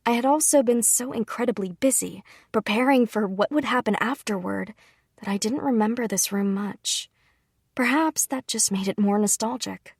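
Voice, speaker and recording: A woman reading a light novel aloud in first person, calm and even. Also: on the high side, normal speed, husky, dry recording, studio quality. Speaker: audiobook reader.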